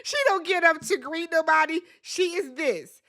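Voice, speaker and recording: A woman hosting a casual reality TV recap, talking in an animated, dramatic way with slangy asides. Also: very high-pitched, moderate pace.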